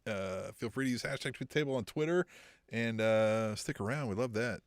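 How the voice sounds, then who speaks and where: A man's voice: on the low side, fairly quick, dry recording, studio quality. A man co-hosting a wrestling podcast in casual chat, jokey and swearing, reading out comments from the live chat. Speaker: co-host.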